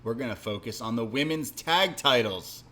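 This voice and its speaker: A man's voice: medium pitch, normal speed. A man co-hosting a wrestling review podcast, recapping the show in casual chat and acting out wrestlers' lines. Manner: animated, acts out wrestlers' lines in exaggerated voices.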